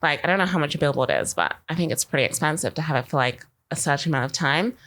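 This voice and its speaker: A woman's voice: low voice, quick pace, fairly bright tone. A young woman co-hosting a marketing podcast, chatting casually and rambling, filling her talk with "like". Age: young adult. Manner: chatty, rambling, uses "like" constantly. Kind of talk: casual chat.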